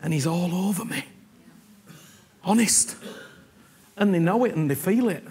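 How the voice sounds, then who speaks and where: A man preaching a sermon, earnest and animated, repeating himself and often asking whether he is understood. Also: high-pitched, unhurried, breathy edge.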